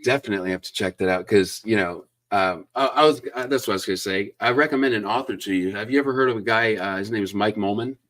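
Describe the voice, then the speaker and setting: A low-voiced man hosts a casual livestream interview, warm in his eagerness and full of fillers and restarts. He rambles along cheerfully, heard over a video call connection. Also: fast, few pauses. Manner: enthusiastic, rambling with many fillers. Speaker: host.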